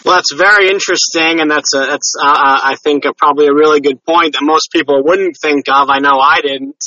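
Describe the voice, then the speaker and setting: A man with a very bright, sharp voice hosts a casual interview, asking his questions haltingly with many uh's. He sits a bit back from the mic, and the sound is dull and lo-fi. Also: a little high, steady tone, dry recording, distant mic.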